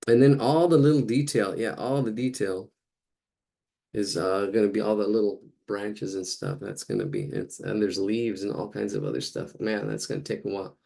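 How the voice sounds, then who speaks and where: Guy teaching a drawing class live, kinda low gravelly voice, just rambling while he draws. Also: very animated, normal speed, dark tone. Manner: rambling, chatty, thinks aloud while drawing. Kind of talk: casual live drawing lesson.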